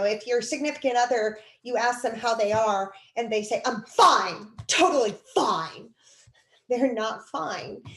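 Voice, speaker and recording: A woman instructor giving a recorded video lecture, lively and expressive, acting out quoted speech as she explains. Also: fairly high pitch, reverberant, poor audio.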